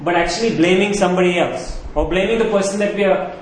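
A man's voice: high-pitched, fast talker, slight background noise. A man preaching a sermon, who asks his listeners questions and repeats key phrases. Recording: very echoey room with faint ambience.

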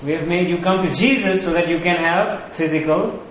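A man preaching a sermon as pastor, emphatic, repeating key phrases and slowing down on them. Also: high voice, slight background noise. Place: church sanctuary. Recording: very echoey hall, faint ambience.

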